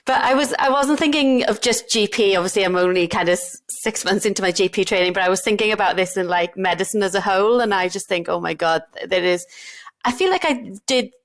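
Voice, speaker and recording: A woman in her thirties, a doctor in GP training, co-hosting a casual podcast chat, animated and laughing often as she trails off and restarts. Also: mid-range voice, fast talker, few pauses.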